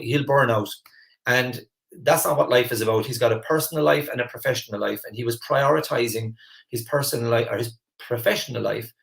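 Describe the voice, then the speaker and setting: A man hosting a live online masterclass as a mentor, earnest and animated, often repeating words as he starts a phrase. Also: medium pitch, vocal fry. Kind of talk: live online coaching class.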